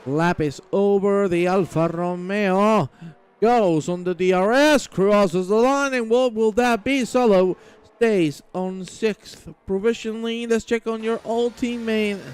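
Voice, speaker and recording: High-voiced man calling sim racing. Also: slow pace, a little mellow, smooth, poor audio. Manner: hype play-by-play, addresses the audience. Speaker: race commentator. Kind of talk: lively sim racing broadcast commentary.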